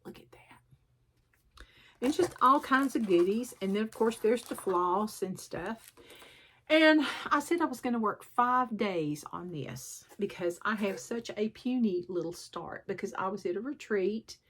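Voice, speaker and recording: A woman hosting a chatty show-and-tell craft vlog, her voice at an ordinary middle pitch. She rambles and pokes fun at herself as she goes, stopping often to clear a sore throat. A faint hiss sits under the recording. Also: lively intonation, unhurried, a bit bright. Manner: rambling, self-deprecating, frequent throat clearing. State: sore throat, sucking a cough drop. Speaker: cross-stitch vlogger.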